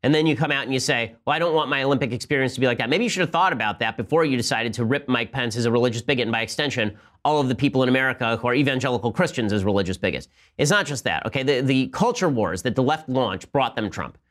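Rapid-fire combative male podcast host. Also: mid-range voice, a bit bright. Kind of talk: political commentary.

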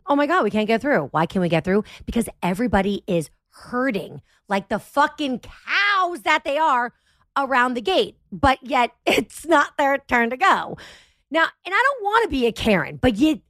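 High, lively woman ranting on a podcast. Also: moderate pace, dry recording, studio quality. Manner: profane, animated, self-mocking. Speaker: podcast host. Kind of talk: comedic storytelling rant.

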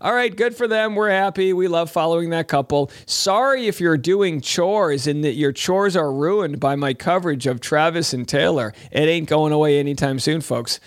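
A male talk host with a somewhat high, bright-toned voice reads out light celebrity news. He keeps cutting in with wry, mocking remarks in a loose, casual way. The sound is close and dry. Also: moderate pace, few pauses, no echo. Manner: wry, jokey, mocking asides. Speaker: show host. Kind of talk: casual commentary reading news articles.

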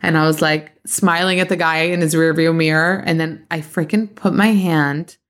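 A young adult woman hosting a podcast, chatting casually and telling dramatic, animated stories with some swearing. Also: sits low, normal speed. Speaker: podcast host. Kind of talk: casual chat.

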